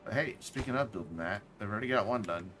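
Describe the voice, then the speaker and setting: A man's voice: lowish voice, lively intonation, quick pace, fairly bright tone, slight background noise. A man casually commenting while playing a game on a live stream, thinking aloud, correcting himself and dropping jokey asides.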